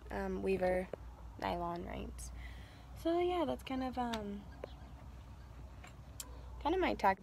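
A woman's voice: mid-range voice, vocal fry, a little mellow, slight background noise. A young woman with a stuffed-up nose, rambling casually through a vlog with lots of fillers and self-corrections. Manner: rambling, filler-heavy, stops to correct herself. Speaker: vlogger.

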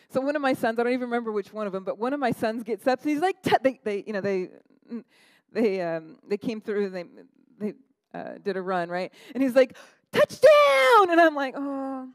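A middle-aged woman pastor delivering a lively, conversational sermon, often tossing in "right?" to the congregation. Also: medium pitch, a little fast, dry recording, rough recording. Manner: animated, conversational, frequent "right?" asides.

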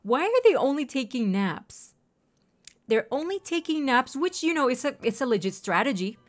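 A young woman hosting a gaming channel, giving excitable, gushing let's-play commentary and addressing viewers as ladies and gentlemen. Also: high-pitched, normal speed.

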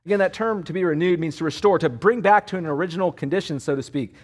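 A man's voice: on the high side, fast talker. A man preaching an expository sermon as pastor, emphatic and repeating key words for weight, with a Californian English accent.

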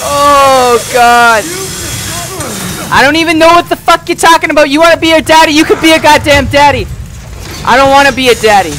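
A man doing loud, excitable let's play commentary, swearing and yelling at the game. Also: very high-pitched, moderate pace. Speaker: gamer. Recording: music playing underneath.

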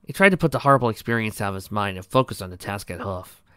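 A man narrating a fan fiction chapter aloud in a plain, even storytelling read. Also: fairly low pitch, quick pace, clear, resonant tone, no echo, studio quality.

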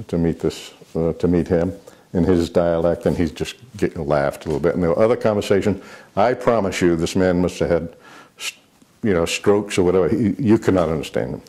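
Older guy rambling through old stories, low dark voice, lots of uhs. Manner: rambling anecdotes with many fillers and restarts. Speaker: former military aide and chief of staff, interviewee. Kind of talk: reminiscing interview answers.

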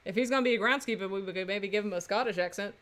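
A woman's voice: mid-range voice, rapid-fire, fairly bright tone. A woman casually playing and reading through a game on a stream, musing aloud. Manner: musing, reads dialogue and narration aloud.

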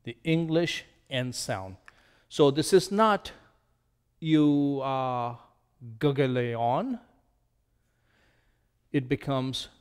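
A middle-aged man teaching a lesson at a whiteboard, speaking slowly and patiently and repeating words so learners can drill them. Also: medium pitch, smooth, big-room sound.

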